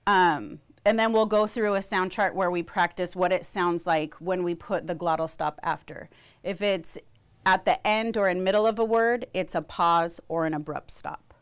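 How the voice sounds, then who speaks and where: Woman instructor, smooth clear voice, unhurried classroom delivery. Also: fairly low pitch. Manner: slow, careful, modeling sounds for students. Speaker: language teacher. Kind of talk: classroom teaching.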